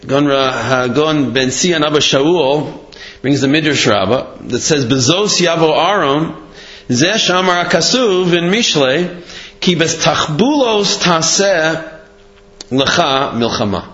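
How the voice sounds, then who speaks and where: Man giving a Torah lesson, slightly high voice. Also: expressive, slow pace, a bit bright. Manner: rhetorical questions, hesitant fillers, talks through examples. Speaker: Torah teacher. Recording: dull lo-fi audio.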